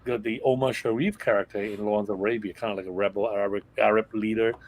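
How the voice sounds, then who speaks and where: A man's voice: on the low side, fairly even intonation, quick pace. A man appearing as a guest on a casual live movie review chat, talkative and agreeing constantly. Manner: chatty, agrees constantly with yeahs.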